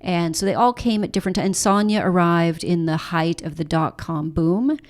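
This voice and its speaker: Author guest, woman, middle-aged, low voice, reflective and unhurried with fillers. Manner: thoughtful, many fillers and restarts. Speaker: author and journalist, podcast guest. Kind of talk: conversational interview.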